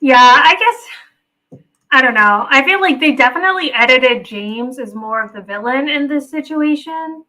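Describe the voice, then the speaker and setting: A woman's voice: sits high, animated, a little slow, pushed and bright, rough recording. A young woman co-hosting a casual recap podcast, hesitant and trailing off at the end of her points. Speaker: podcast co-host.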